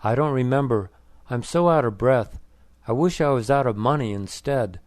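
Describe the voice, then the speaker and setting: A man's voice: medium pitch, normal speed, darkish tone, no echo, studio quality, lightly acted. A man reading the lines of a frail, breathless old father in a hospital bed, with short, weary answers.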